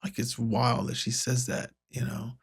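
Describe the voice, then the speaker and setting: With a completely flat delivery at a measured pace, his medium-pitched voice is husky and shows vocal fry. He's a comics podcast host casually rambling through a comic book review with many fillers and restarts, paraphrasing dialogue in a slightly raised voice.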